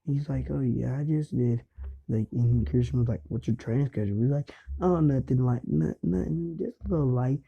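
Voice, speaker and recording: A man's voice: mid-range voice, a little fast, vocal fry, slightly rough. A man tells a made-up fan story on the fly, stumbling through restarts and fillers as he goes. His voice sits in an ordinary middle register. The recording is dull and lo-fi. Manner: rambling, hesitant, many fillers and restarts. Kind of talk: casual improvised fan-fiction retelling.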